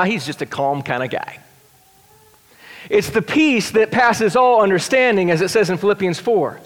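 Animated male pastor in a reverberant hall. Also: sits high. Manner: animated, shifts between excited and hushed tender delivery. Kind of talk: sermon.

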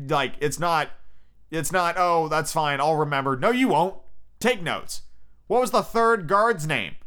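A man's voice: fairly high pitch, fairly bright tone. A man hosting a podcast, chatting casually and giving emphatic, joking advice on running tabletop games. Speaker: podcast host. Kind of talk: casual chat giving game master tips.

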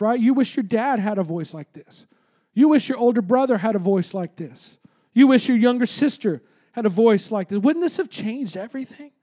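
A man's voice: high-pitched, warm tone. A man preaching a sermon as pastor, with impassioned, emphatic repetition.

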